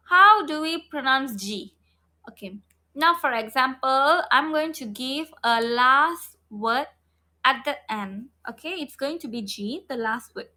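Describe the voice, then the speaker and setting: Slow, high-voiced woman teaching phonics. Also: bright, forceful tone. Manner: repeats each sound many times, checks in with "okay?"; models mouth shape and breath for learners. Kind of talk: online phonics lesson.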